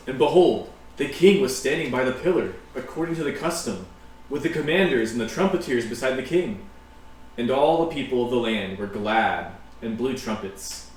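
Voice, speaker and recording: Man reading scripture in an echoey room. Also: mid-range voice. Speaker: study group member reading scripture. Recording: roomy, distant mic, faint hiss.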